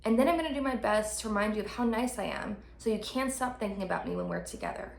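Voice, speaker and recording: A woman's voice: mid-range voice, very animated, quick pace, creaky, slight background noise. A woman voicing a smug, possessive young man in a mocking read-out. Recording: echoey room.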